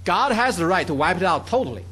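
A man preaching through a Bible passage in a plain teaching manner. His voice sits a little high for a man, and he works through the text with frequent fillers, restarts and a checking "okay". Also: very animated, fast talker, a bit bright, slight background noise. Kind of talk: Bible study sermon.

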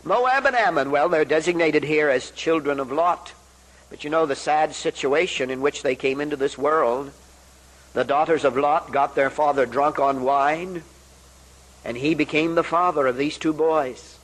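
Preacher guy, kinda high voice, keeps asking the crowd questions and repeating himself for emphasis, slow and earnest. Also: a bit bright, poor audio. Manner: emphatic, with rhetorical questions and repetition; earnest, deliberate Bible exposition. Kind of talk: sermon.

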